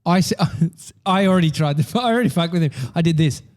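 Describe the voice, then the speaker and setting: Sweary Australian man, mellow voice. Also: a little high, fast talker. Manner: swears a lot, animated storytelling. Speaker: podcast host. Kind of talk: casual chat.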